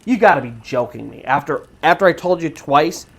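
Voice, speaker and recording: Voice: mid-range voice, lively intonation, a little fast, gravelly, breathy edge. The storyteller quoting a stern, middle-aged male mission president who gives firm, clipped warnings. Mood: exasperated.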